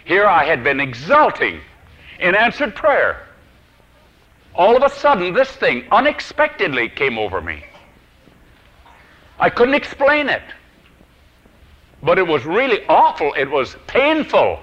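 A man preaching a sermon, telling a personal story and swinging from loud declarations to hushed whispers. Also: high-pitched, wildly swooping pitch, unhurried, pauses often. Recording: dull lo-fi old recording.

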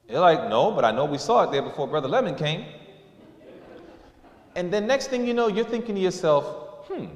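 A man's voice: sits high, a little fast. A male preacher giving a sermon, telling stories and acting out the voices of the people in them. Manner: lively storytelling with acted-out voices. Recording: echoey hall.

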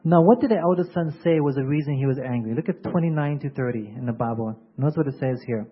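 A man's voice: medium pitch, quick pace, breathy edge. A man preaching a sermon who keeps turning to the congregation with questions and calls for agreement. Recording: dull lo-fi sermon recording.

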